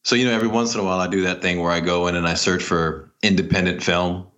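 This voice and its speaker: A man with a very deep voice co-hosts a relaxed podcast, rambling through his points with animated asides. He keeps a loose, conversational flow. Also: fast, highs cut off. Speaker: podcast co-host. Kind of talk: casual podcast chat.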